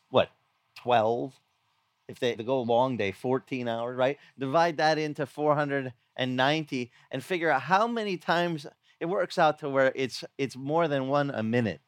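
At an outdoor beach gathering, a middle-aged pastor with a medium-pitched voice preaches a sermon with no room sound on the recording. He speaks conversationally, telling stories and acting out the lines he quotes.

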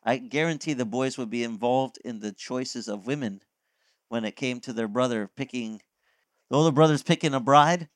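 A man preaching a conversational sermon in a folksy, animated way, often acting out the voices he quotes. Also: mid-range voice, moderate pace, dry recording. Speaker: pastor.

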